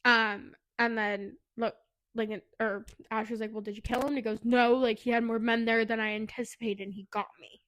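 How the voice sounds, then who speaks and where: Podcast co-host, woman, higher voice, quick sweary recap style. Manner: fast, animated retelling with swearing. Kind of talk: casual book recap.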